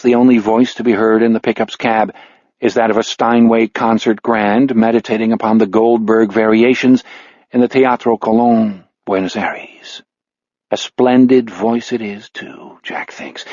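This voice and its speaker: Husky male audiobook narrator. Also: medium pitch, steady tone, normal speed, a little mellow, no echo, dull audio. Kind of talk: scripted narration.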